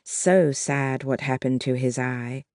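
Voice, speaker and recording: Narrator doing a calm determined nurse, gently persuasive, slow, dry close sound. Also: mid-range voice, no room sound, close to an everyday voice. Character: young wartime woman nurse, calm and determined. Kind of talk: audiobook narration.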